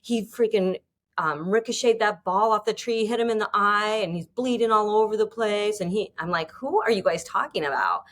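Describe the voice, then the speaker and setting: A woman's voice: medium pitch, steady tone, normal speed, a bit bright. A woman co-hosting a casual podcast, telling stories with quoted voices and frequent laughs. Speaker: co-host.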